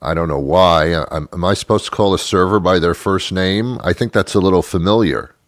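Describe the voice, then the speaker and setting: A middle-aged man hosting his own show, ranting in a rambling, sardonic way and chuckling at his own jokes. His voice sits very low, and the sound is close and dry with no room around it. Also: a little fast, dry recording. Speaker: radio show host. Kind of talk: comedic monologue rant.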